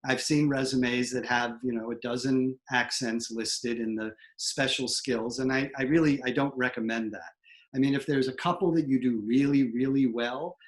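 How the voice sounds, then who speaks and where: A man who is a theatre professor and dialect coach, giving an online lecture on a video call with animated, emphatic delivery. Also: medium pitch.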